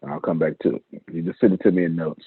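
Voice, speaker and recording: Over tinny, dry, phone-like video call audio with no room sound, a man coaches his team live. His low, husky voice holds a steady tone at a quick pace, and he's emphatic, often repeating phrases for effect.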